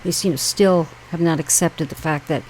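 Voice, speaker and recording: A woman from New York with a lowish voice talks through posts for her own channel, reading them aloud and then musing on them. She rambles casually, with many fillers and restarts, while a faint hum of background noise sits under her voice. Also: moderate pace, darkish tone, poor audio. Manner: rambling, conversational, with frequent fillers and asides. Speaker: channel host.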